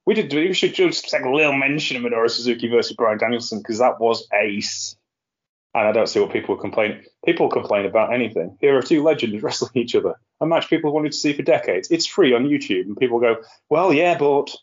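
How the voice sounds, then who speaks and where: A man's voice: medium pitch, lively intonation, fast. Rambling man hosting a podcast. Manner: chatty, rambling, laughs at own jokes. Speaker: podcast host. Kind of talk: casual podcast chat. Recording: lo-fi muffled sound.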